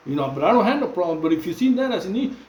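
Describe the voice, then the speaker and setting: Rapid-fire and very animated, this channel host, a middle-aged Mexican man, rambles into his phone camera in a casual monologue full of repetition, restarts, fillers, and street slang. His voice is high and a little mellow. The sound is roomy, with the highs cut off.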